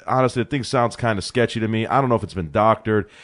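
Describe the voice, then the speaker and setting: A young man co-hosting a sports podcast in a small studio, talking in an excitable, animated way and calling his partner bro. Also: on the low side, quick pace. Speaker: co-host. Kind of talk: casual sports talk.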